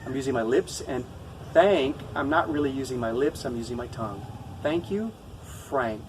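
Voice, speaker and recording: A man who speaks English natively, teaching a pronunciation lesson to camera, patient and repeating each example slowly. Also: mid-range voice, recorded from a distance, noisy background.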